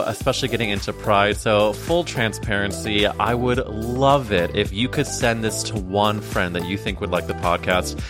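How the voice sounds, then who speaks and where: A man hosting a podcast in a playful, gushing, flirty manner. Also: mid-range voice. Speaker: podcast host. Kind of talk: casual podcast chat.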